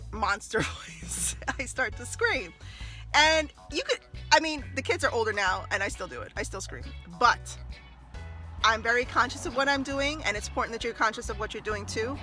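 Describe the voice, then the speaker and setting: A woman talking casually to camera as a mother and former early childhood teacher, animated and laughing often as she acts out little scenes. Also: fairly high pitch. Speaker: mother giving parenting tips. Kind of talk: casual advice vlog to camera.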